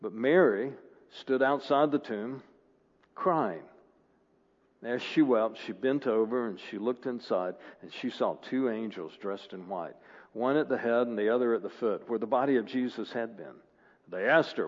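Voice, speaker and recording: A pastor preaching a sermon, retelling scripture as a story and building emphasis on the key moments. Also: male voice, medium pitch, animated, moderate pace. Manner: storytelling, reads scripture aloud with rising emphasis. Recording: dull, echoey hall.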